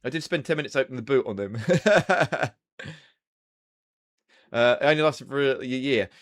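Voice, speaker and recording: A man's voice: mid-range voice, lively intonation, normal speed. A young man hosting a casual live stream, chatting loosely with viewers and swearing now and then. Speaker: livestream host.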